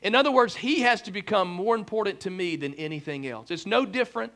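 A man's voice: high-pitched, fast talker. A man preaching a humorous sermon as pastor, joking with the congregation and using lots of "like" and "right?". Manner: joking, animated, fillers like "like" and "right?". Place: church sanctuary.

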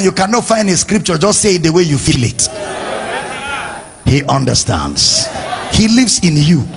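A male pastor preaching a sermon, leading the congregation in loud call-and-response. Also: high-pitched, big pitch swings, moderate pace, vocal fry, long pauses. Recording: noisy live crowd.

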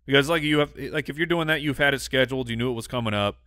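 A man's voice: medium pitch, rapid-fire, fairly bright tone, no echo, clean studio sound. A man co-hosting a comedy podcast, easygoing and reflective in casual chat.

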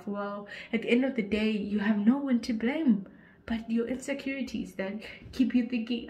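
A woman's voice: on the high side, normal speed. A young woman with a Zimbabwean accent, giving an earnest motivational vlog talk on insecurity. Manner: earnest, preachy, rising to forceful urging. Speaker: YouTuber.

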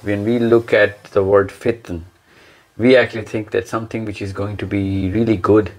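A man's voice: on the low side, level tone, normal speed. A man speaking as an interview guest, explaining earnestly and with emphasis, often repeating words as he searches for the phrasing. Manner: earnest, emphatic, acts out imagined quotes.

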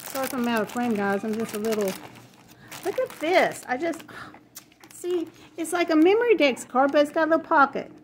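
A woman's voice: high-pitched, brisk, slight background noise. A woman, chatting at home as she opens happy mail, gushing and easily delighted. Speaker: crafting vlogger opening happy mail. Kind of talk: casual chat. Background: paper crinkling, dogs in the house.

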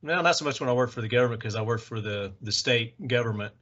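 Bright-voiced Tennessee man hosting a podcast. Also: medium pitch, quick pace. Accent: Southern US, Tennessee. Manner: relaxed, conversational, asks follow-up questions. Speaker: podcast host. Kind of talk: casual podcast interview. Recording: lo-fi dull audio.

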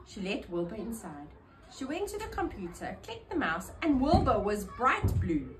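Woman reading a kids story out loud, really animated, bit of hiss behind. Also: mid-range voice, normal speed. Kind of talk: reading a children's picture book aloud.

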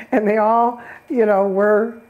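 A woman's voice: fairly high pitch, narrow, tinny audio. A woman on a spiritual talk show who tells a fairy-tale parable in a chatty, self-deprecating way and laughs often. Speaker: guest.

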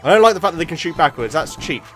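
A man giving jokey let's play commentary as a gaming YouTuber, getting excitable and yelping at close calls. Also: fairly high pitch, racing, soft background music. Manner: excitable, jokey, yelps at near misses.

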